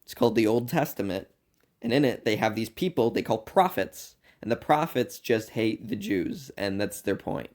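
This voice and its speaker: A young man, a university student, delivering a rambling comedic monologue in an earnest, meandering way. He swings between loud outbursts and quiet asides. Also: lowish voice, expressive, normal speed.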